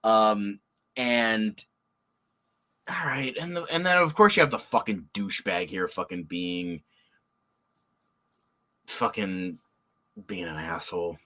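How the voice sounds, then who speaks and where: Excitable, bright-voiced man. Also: on the low side, slow, long pauses. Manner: excitable, swears a lot, lots of filler words and laughs. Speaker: podcast host. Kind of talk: casual reaction commentary.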